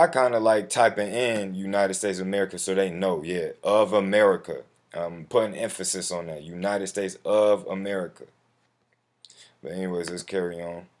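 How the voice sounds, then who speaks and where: Man, very low voice, relaxed street-slang delivery, walks viewers through a form over keyboard clicks. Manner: slangy, addresses viewer as bro; profane when flustered. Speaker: tutorial host. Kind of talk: casual screen-recorded walkthrough. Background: keyboard typing and mouse clicks.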